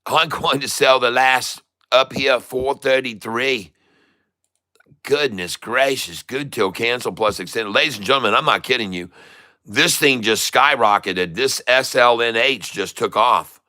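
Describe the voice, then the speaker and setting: A middle-aged man hosting a day-trading channel, giving excitable, exclamatory live trading commentary with mild cursing. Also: mid-range voice, a little slow, no room sound.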